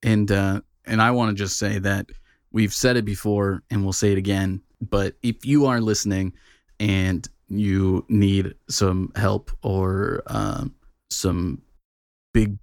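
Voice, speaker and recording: A man's voice: on the low side, steady tone, slow pace, no echo, clean studio sound. A man co-hosting a podcast in a laid-back, joking way. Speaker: podcast co-host. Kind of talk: casual chat.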